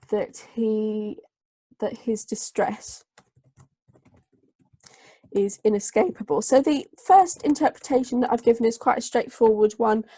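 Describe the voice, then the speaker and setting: A woman tutor, running a live online group lesson and dictating analysis slowly with many fillers. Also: a little high, mellow, dry recording. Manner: slow, hesitant dictation with many fillers while writing. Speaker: English tutor.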